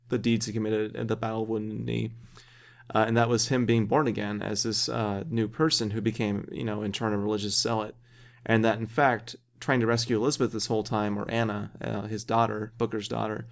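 Gravelly low-voiced man hosting a podcast. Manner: thoughtful, rambling, laughs easily. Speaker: podcast host. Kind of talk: casual podcast discussion.

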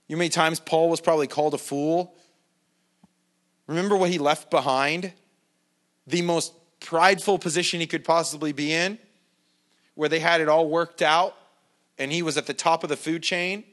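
A male pastor with a fairly bright voice on the high side preaches in church at normal speed. His style is conversational and self-deprecating, sprinkled with mocking asides.

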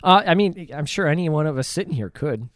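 A man's voice: a little high, expressive, fast talker, dry recording, studio quality. Hesitant man rambling on a podcast. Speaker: podcast co-host. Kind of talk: casual chat.

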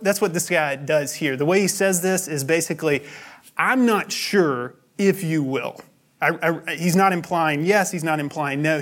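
A man preaching a sermon as pastor, explaining scripture in a conversational, teaching way. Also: on the high side.

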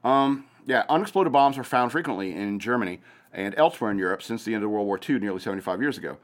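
A man's voice: fairly low pitch, animated, fast talker. A man hosting a casual news commentary show, reading headlines aloud with hesitant fillers and breaking off into sarcastic asides. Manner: hesitant, many fillers and restarts while reading.

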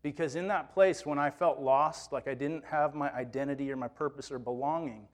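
A man's voice: a little high, fairly even intonation, fairly quick. A man who works with teens, preaching a sermon as a personal story in a conversational, self-quoting way. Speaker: youth minister preaching.

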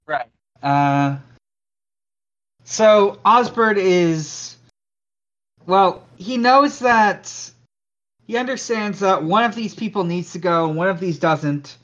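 A player in a tabletop game, thinking aloud in a halting way. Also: medium pitch, lively intonation, fairly bright tone, muffled recording. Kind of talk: casual tabletop play.

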